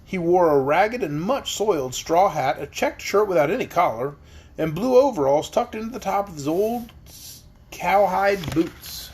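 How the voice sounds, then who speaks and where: Man reading a kids story aloud, husky voice, lots of ups and downs. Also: high voice, measured pace. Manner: expressive, lively reading. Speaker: audiobook reader. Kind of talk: storybook narration.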